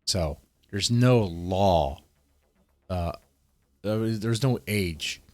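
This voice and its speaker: A man's voice: low-pitched, extremely slow, a little mellow, dry recording, faint music behind. A man who works as a child protective services caseworker, casually explaining how he questions children, thinking aloud step by step.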